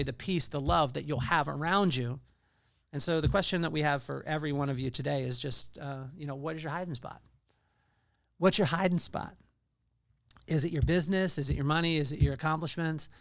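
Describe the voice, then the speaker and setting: A male podcast host delivers a devotional reflection in an earnest, halting way, full of "uh"s and self-corrections. His voice sits a little high, has a gravelly fry, and sounds close and dry with no room around it. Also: no echo. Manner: earnest, halting with fillers and restarts. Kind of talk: devotional scripture talk.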